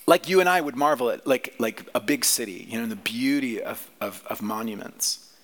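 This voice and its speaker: A man's voice: medium pitch, moderate pace, fairly bright tone. A man preaching a sermon, teaching through a scripture passage in a conversational way and often asking the listeners questions. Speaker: pastor.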